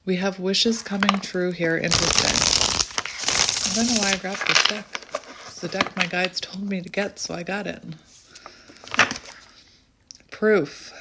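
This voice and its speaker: Chatty tarot lady, lowish voice, gets all excited, clicky noise in the back. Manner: chatty, bursts into excited exclamations and laughter. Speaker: tarot reader. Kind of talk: channelled tarot reading.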